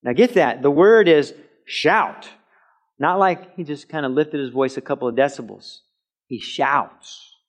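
A man preaching in a church sanctuary, teaching in a conversational way and breaking into loud shouted quotes now and then. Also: on the high side, measured pace. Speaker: pastor. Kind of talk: sermon. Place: church sanctuary with a mic system.

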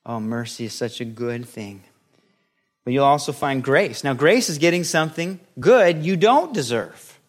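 A middle-aged pastor preaches a sermon in a lively, playful way, acting out little scenes as he teaches. His voice sits at medium pitch and his pace is unhurried.

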